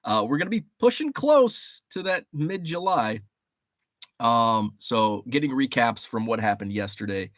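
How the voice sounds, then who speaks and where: A man hosting a casual livestream, rambling and animated, greeting viewers from the chat, a bit stuffy from allergies. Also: medium pitch, unhurried, no echo, clean studio sound. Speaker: livestream host. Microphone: studio mic.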